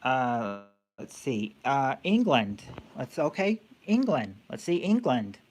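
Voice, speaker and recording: A man's voice: medium pitch, big pitch swings, takes it slowly, a little hiss or hum. A man hosting a casual live-stream quiz game, thinking aloud with many fillers and restarts.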